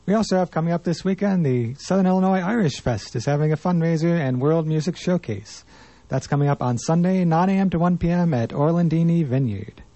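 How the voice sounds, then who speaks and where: Mellow, dry-sounding male radio co-host. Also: fairly high pitch, brisk, dry recording. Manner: agreeable, earnest, dry puns. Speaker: community radio news co-host. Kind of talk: casual on-air chat and listings.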